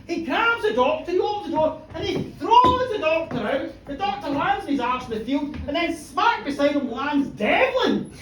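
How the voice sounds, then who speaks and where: Animated woman telling a gory tale live. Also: high voice, moderate pace, few pauses, a little hiss or hum. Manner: animated, playful, acting out the tale. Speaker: storyteller. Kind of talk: live comic storytelling. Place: pub in front of an audience. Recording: roomy, distant live pub recording. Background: audience.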